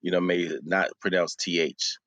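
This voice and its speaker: A fairly low-voiced man telling stories in easy, casual chat. He talks with lots of "you know" and sounds close and dry, with no room around him. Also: normal speed, no echo. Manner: animated storyteller, many fillers. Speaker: podcast co-host.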